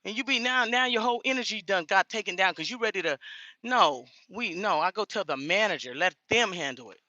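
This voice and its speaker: Middle-aged lady trucker vlogging in a store, real lively voice, bright and sharp, dry close phone sound. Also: mid-range voice, a little fast, dry recording, dull audio. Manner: outspoken, animated storytelling. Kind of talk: casual vlog chat. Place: inside a grocery store.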